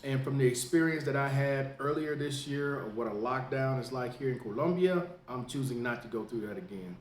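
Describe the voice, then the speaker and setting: A man who hosts a veterans information podcast, from the United States, giving a casual spoken update in a plain, unhurried way with many fillers. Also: medium pitch, echoey room, a little hiss or hum. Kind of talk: casual straight-to-camera update.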